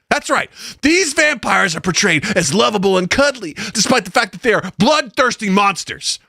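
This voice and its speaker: An indignant, bombastic conspiracy pundit, as a man puts him on, declaiming his outrage in a raised, gravelly voice. The tone is bright and cutting, and the pitch leaps about wildly. The sound is close and dry. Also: no room sound, heavily acted. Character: ranting male conspiracy talk-show pundit, outraged.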